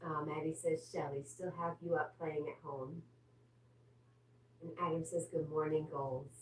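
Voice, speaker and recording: A woman's voice: low-pitched, little pitch movement, unhurried. A woman hosting a casual livestream from home, reading viewer comments aloud and chatting back. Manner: reads viewer comments aloud, breaks off to scold her dog. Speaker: livestream host reading chat. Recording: roomy echo, distant from the mic, faint ambient noise.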